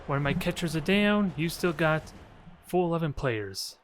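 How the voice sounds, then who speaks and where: A man's voice: fairly high pitch, expressive, moderate pace, slight background noise. A man casually commentating his own video game match, joking and trash-talking his opponent. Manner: playful, jokey trash talk.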